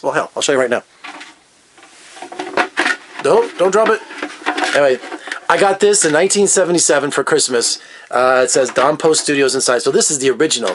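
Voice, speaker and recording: Middle-aged man, film critic, rapid excited rambling, slightly high voice. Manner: enthusiastic, rambling, jumps between topics. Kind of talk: casual video review.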